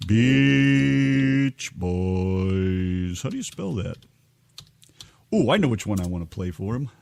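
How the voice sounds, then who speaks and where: A man from Kentucky chats loosely on live radio, stalling and joking as he digs through his music. His voice swings widely in pitch. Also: sing-song, slow pace, gravelly, darkish tone, clear, resonant tone. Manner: rambling, joking, stalling while he hunts for songs. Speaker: radio show co-host. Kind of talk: casual live radio chat.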